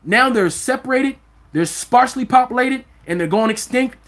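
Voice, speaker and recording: A man's voice: very high-pitched, normal speed, fairly bright tone. A man with an African American accent hosting a live stream, talking in an emphatic, profane, fired-up monologue. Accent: African American English. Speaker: vlog host.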